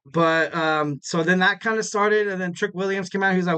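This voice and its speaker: Young male podcast host, casual solo recap, slightly high and smooth voice, loose and rambling with playful asides. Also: steady tone, fairly quick, few pauses, sharp tone. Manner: loose and rambling, many fillers, jokey asides with laughs.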